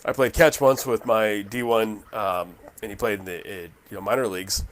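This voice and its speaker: A man's voice: on the low side, fairly even intonation, moderate pace. A man co-hosting a casual book discussion, talking in a folksy, self-deprecating way and telling stories. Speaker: podcast co-host.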